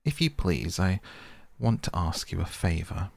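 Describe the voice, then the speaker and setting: An earnest, mild-mannered mole, as a man reads him aloud from a storybook. The voice is low and a little gravelly. He speaks politely and soothingly. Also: animated, unhurried, heavily acted. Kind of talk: storybook reading.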